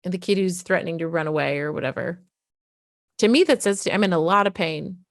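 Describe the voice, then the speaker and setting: A frank, middle-aged woman coaching parents in a casual, unfiltered way. Her voice sits somewhat low and sounds dry and close, with no room echo. She swears freely. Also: fast. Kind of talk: candid talk to parents.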